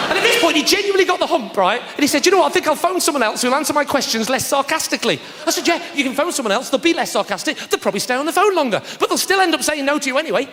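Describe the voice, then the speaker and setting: A man doing live stand-up comedy, telling a sarcastic story in an animated way with shouted punchlines. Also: extremely high pitch, fast talker. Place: large theatre stage with audience. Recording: live hall recording with reverb and crowd noise.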